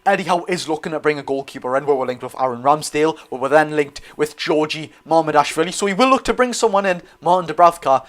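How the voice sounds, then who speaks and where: A young man with a Geordie accent hosting a live football watch-along, chatty and excitable, reading viewer comments aloud. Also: a little high, quick pace, hardly any pauses. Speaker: streamer and host.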